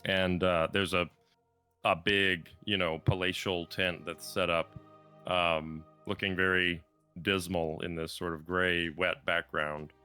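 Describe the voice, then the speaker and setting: A man's voice: low-pitched, little pitch movement, takes it slowly, pushed and bright, clear, resonant tone, faint music behind. A man running a tabletop game as game master, narrating in a casual, rambling way with many fillers.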